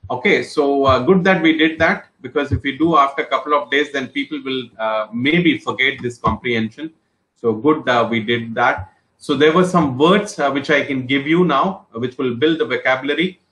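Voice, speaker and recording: A male trainer leads an online English class, repeating each word slowly and building example sentences around it. He talks in a steady, encouraging way, with many fillers and restarts. His voice sits in the middle range and carries a roomy echo. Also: medium pitch. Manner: repetitive, explains words with example sentences.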